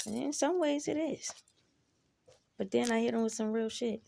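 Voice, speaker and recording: A woman's voice: a little high, animated, moderate pace, creaky, dark tone. A woman in a casual monologue, talking bluntly and with plenty of profanity as she reflects on her own life. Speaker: vlogger.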